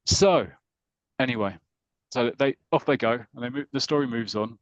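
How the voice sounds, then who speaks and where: A man's voice: mid-range voice, moderate pace, no room sound, highs cut off. A British man co-hosting a chatty podcast, rambling through a comic-strip recap and restarting his sentences often. His voice sits mid-range. The sound is dry and close. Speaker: podcast co-host.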